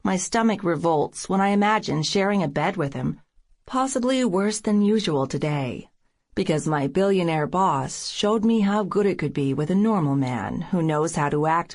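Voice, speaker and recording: A woman's voice: low voice, animated, normal speed, darkish tone. A woman narrating a first-person romance audiobook in a wry, sardonic way.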